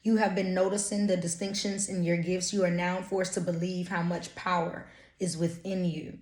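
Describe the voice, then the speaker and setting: A woman's voice: on the low side, little pitch movement, normal speed, a little mellow. Blunt woman, roomy echo. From Louisiana. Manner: blunt, profane, streetwise slang. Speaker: intuitive reader. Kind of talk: casual channeled energy reading.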